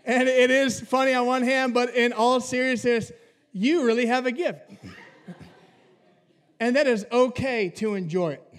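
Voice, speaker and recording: Male pastor with a high voice, preaching with comic family anecdotes. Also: unhurried, long pauses. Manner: humorous storytelling with acted-out family dialogue. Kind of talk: sermon.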